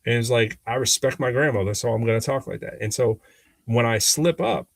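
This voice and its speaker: Gravelly-voiced man, dry close sound, animated storytelling co-host, casual podcast. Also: mid-range voice, fairly quick, no room sound. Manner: animated storyteller, lots of restarts. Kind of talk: casual conversation.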